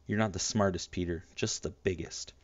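A defiant, sharp-tongued young girl, as a man reads her out. The voice sits on the low side and cuts rather than shouts. The recording is dull, lo-fi and dry, with no room sound. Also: fairly even intonation, normal speed, no echo. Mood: cutting.

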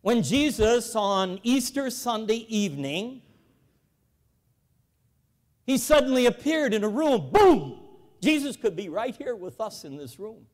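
High-voiced folksy man preaching in a hall. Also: unhurried, long pauses. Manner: folksy storytelling, animated with emphatic calls to the audience. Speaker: convention speaker, former bank president. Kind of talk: evangelical convention address. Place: large auditorium. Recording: hall reverb from a large auditorium.

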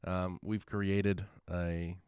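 Low-voiced man rambling through a casual chat. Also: level tone, very slow, darkish tone, clear, resonant tone, dry recording. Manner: rambling, chuckling, trails off mid-thought. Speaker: podcast co-host.

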